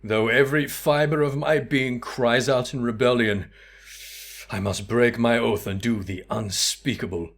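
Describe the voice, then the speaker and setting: A man voicing a pompous, theatrical gentleman inspector in a game, speaking in grandiose, old-fashioned phrases. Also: mid-range voice, steady tone, measured pace. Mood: dramatic.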